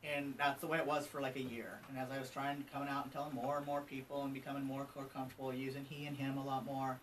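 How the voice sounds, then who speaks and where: A man of almost fifty from Colorado, USA, a trans advocate, speaks openly as an interview guest, loose and chatty with lots of ums and asides as he tells candid personal stories. His medium-pitched voice is fast and flat. The low-quality recording is taken from a distance, slightly off mic, with faint ambient noise.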